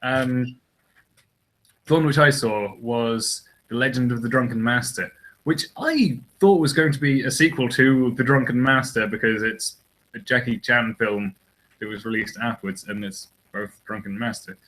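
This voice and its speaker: A man's voice: mid-range voice, normal speed, fairly bright tone, rough recording. A man co-hosting a casual podcast chat, rambling and hesitant, often restarting his sentences. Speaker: podcast co-host.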